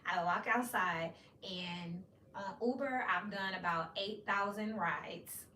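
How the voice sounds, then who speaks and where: A blunt, cursing woman talks through a casual tarot reading. Her voice is bright and forceful. She sits well back from the mic in a roomy, echoing space with a faint hiss behind her. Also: mid-range voice, takes it slowly. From Memphis, USA. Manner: blunt and profane, with frequent "you know what I mean". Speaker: tarot reader. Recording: roomy echo, distant from mic.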